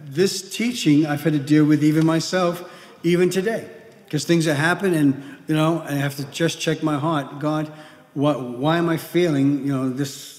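A male pastor preaching a sermon in a conversational way, often repeating himself and acting out little scenes. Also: fairly high pitch. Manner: conversational preaching with repetitions and acted-out whispered gossip. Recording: echoey hall with long reverb.

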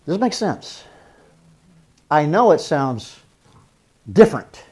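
A man's voice: fairly high pitch, sing-song, slow pace, darkish tone, breathy edge. A man teaching a marriage seminar as a pastor, earnest, repeating phrases for emphasis and acting out spoken apologies.

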